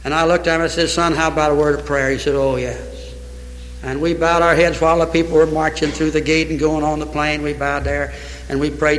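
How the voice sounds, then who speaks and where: Male pastor, fervent sermon delivery, bright tense voice, slightly raised pitch, long hall reverb. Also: steady tone, fairly quick, slight background noise. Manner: fervent storytelling preacher, acts out dialogue. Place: church sanctuary.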